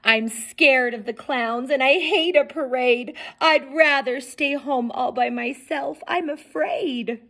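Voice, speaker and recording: A woman's voice: sits high, slow pace, few pauses, pushed and bright, pitched above the performer's own voice, exaggerated voice. A woman reading a storybook, voicing a shy, timid young boy king who whines and worries. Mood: fearful. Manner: whiny, worried pleading.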